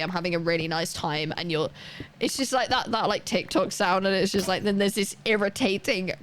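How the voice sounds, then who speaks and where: A woman's voice: mid-range voice, fairly bright tone, slight background noise. A woman streamer chatting casually and rambling to her live chat while playing, laughing often and reading chat messages aloud.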